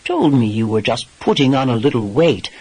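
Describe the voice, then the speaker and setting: A man voicing a gruff, exasperated English lord and former pirate, with a dry and teasing English manner in an audiobook. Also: mid-range voice, very animated, moderate pace, darkish tone, a little hiss or hum, voice pushed down, close to an everyday voice, low-quality recording. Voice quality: dry, exasperated, swears mildly.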